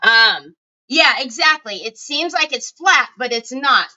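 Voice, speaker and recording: A middle-aged craft livestreamer chats casually and calls out viewers by name. She has a high-pitched, expressive voice, unhurried, bright, and forceful, captured in dull lo-fi home stream audio.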